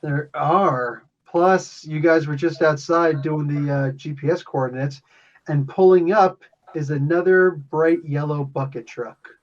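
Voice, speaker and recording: A man's voice: a little high, unhurried, highs cut off. Laughing man running a tabletop game. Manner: laughing often, loose and joking. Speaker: game master.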